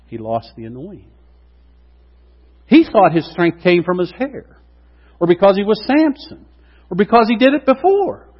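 A middle-aged man preaching a sermon, acting out quotes with lively asides to the congregation. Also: sits high, moderate pace, long pauses. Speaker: pastor. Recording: dull lo-fi sound with long hall reverb.

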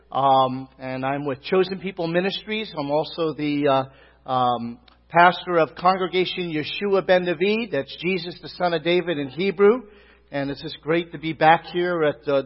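Folksy Brooklyn-accented rabbi in a hall. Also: male voice, on the high side. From Brooklyn, New York. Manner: folksy, joking, many fillers and "Amen?" calls. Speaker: rabbi and pastor. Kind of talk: sermon greeting and testimony. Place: church sanctuary. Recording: reverberant hall, dull lo-fi sound.

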